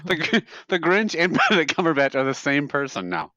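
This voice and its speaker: On the high side and sing-song, this male voice runs a little fast with a sharp tone and no room sound. He's a podcast co-host in casual chat, rambling through amusing stories and frequently cracking up at them. The mic is dry and slightly dull.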